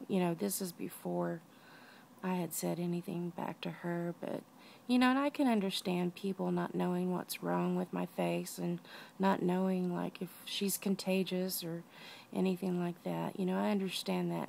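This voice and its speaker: Woman, gravelly, out of breath, soft-spoken, slips into whispers, lying down at home, video diary. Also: on the low side, a little hiss or hum. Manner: tired, soft-spoken, often drops to a whisper. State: weak and out of breath. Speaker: vlogger.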